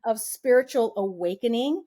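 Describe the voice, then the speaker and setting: A woman's voice: fairly high pitch, normal speed. A middle-aged woman, a podcast guest, telling a personal story in a conversational way, acting out the voices she quotes and laughing now and then. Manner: animated, acts out quoted voices.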